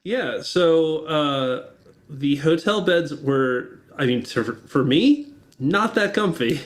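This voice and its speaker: A man on a casual stream panel, relaxed and wry as he explains things. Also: on the high side, slow pace.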